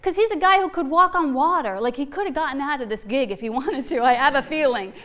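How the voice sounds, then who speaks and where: A woman's voice: high-pitched, expressive, fast talker, a bit bright. A middle-aged woman giving a heartfelt inspirational Easter talk, earnest and laughing often, repeating phrases for emphasis.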